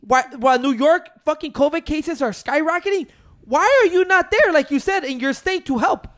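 A man's voice: extremely high pitch, animated, moderate pace, a bit bright. A man co-hosting a casual chat, ranting and opinionated, swearing and restarting his sentences. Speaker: podcast co-host.

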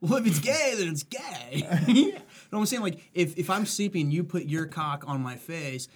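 Higher-voiced young man, animated and crude. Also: a little slow, slight background noise. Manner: animated, profane storytelling. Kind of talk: casual crude banter.

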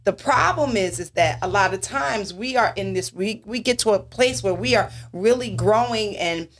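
A woman's voice: medium pitch, moderate pace. A woman minister in a church talk discussion, speaking emphatically and asking rhetorical questions.

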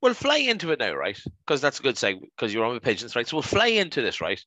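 A male podcast co-host runs through listener replies in upbeat, casual chat and is fond of saying "right?" He talks fast in a mid-range voice with a sharp tone and wildly swooping pitch, on a dry recording.

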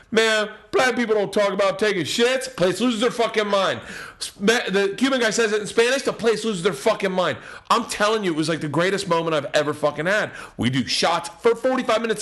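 A middle-aged man telling wild stand-up stories in a casual, profane talk, swinging between loud and hushed. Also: a little high. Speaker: guest comedian. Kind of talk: casual podcast storytelling.

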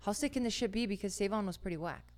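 A woman's voice: medium pitch, expressive, rapid-fire, darkish tone, soft background music. A woman co-hosting a casual podcast, teasing her partner and asking him questions. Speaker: podcast co-host. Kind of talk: casual chat.

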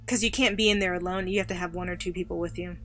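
A woman's voice: fairly low pitch, very fast. Chatty woman telling a spooky story. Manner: chatty, animated when quoting others. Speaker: podcast co-host. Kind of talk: casual storytelling chat.

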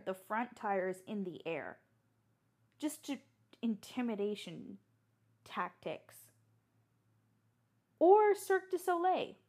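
A young woman telling a story in casual, chatty fashion, animated and full of fillers and restarts. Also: fairly high pitch, slightly rough.

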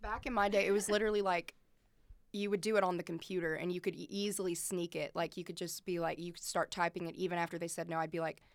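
A woman's voice: on the low side, fairly even intonation, quick pace, no room sound, clean studio sound. A woman chatting casually about her old retail job, laid-back and rambling. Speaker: former retail store worker. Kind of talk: casual chat.

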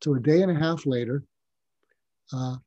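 An older male psychiatrist telling personal stories in an interview, reflective and halting, often restarting his sentences. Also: medium pitch, dark tone, no room sound, muffled recording. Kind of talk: personal storytelling in a conversational interview.

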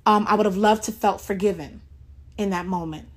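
A woman's voice: mid-range voice, fairly even intonation. Earnest, heartfelt woman giving a devotional. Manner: earnest and heartfelt, emotional, halting. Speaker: devotional speaker. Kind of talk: casual devotional talk to viewers.

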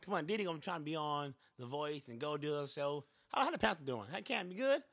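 Male podcast co-host, quick and chatty, voice a touch high, casual and animated. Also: gravelly. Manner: fast, animated, laughing often, lots of "you know".

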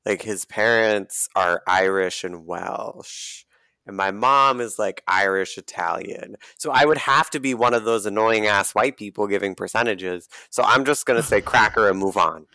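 A man co-hosting a casual podcast chat, laid-back and wry, sometimes dropping into a low mumble. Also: moderate pace, pushed and bright, clear, resonant tone, no room sound. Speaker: podcast co-host.

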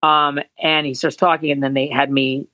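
A man's voice: on the high side, level tone, moderate pace, sharp tone, dry recording, low-quality recording. A man, a voice actor, chatting in an interview, rambling and earnest with many restarts. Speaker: voice actor guest. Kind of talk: casual interview chat.

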